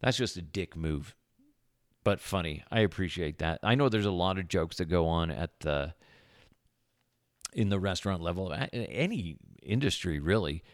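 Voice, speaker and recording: A man's voice: low-pitched, animated, moderate pace, dry recording, clean studio sound. A man hosting a podcast, telling rambling stories with crude jokes in a casual, offhand way. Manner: jokey, rambling, crude humor, frequent fillers. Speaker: podcast host. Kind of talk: casual rambling storytelling monologue.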